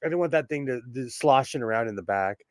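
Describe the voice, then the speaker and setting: A man's voice: medium pitch, animated, fast, no echo. A man hosting a sewing livestream from home in a chatty, self-mocking way and laughing often. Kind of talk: casual live stream chat.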